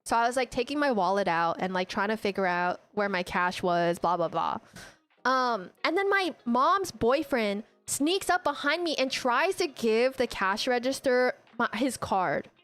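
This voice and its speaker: High-voiced woman telling a story. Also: measured pace. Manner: animated storytelling, heavy use of "like". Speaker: streamer. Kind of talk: casual chat.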